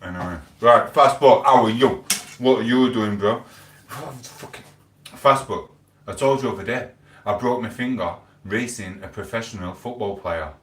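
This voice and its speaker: A man's voice: on the low side, moderate pace, slight background noise. A man, chatting and rambling through stories on a live stream, quoting back-and-forth conversations. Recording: echoey room, voice a bit far from the mic.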